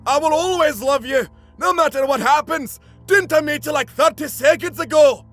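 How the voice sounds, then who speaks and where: A lovesick young male slasher who gushes with breathless, mock-romantic devotion, as a man puts him on. His voice sits strikingly high and strained, with faint music in the background. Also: normal speed, fairly bright tone.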